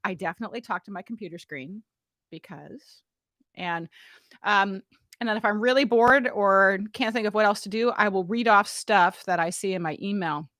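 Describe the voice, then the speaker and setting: A woman voice teacher giving a casual, playful vocal warm-up demonstration in a room at home, talking into a studio mic. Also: mid-range voice, moderate pace, no echo. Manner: chatty, playful and relaxed, often asks "right?". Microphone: studio mic, monitored on headphones.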